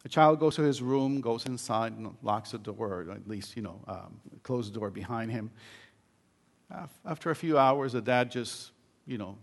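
An older man, a pastor, giving a sermon in a conversational storytelling way, with many fillers and restarts. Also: mid-range voice.

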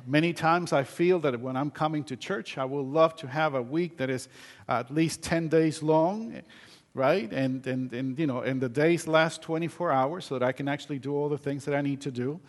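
A man's voice: on the high side, moderate pace. An older man, a pastor, giving a sermon in a conversational storytelling way, with many fillers and restarts.

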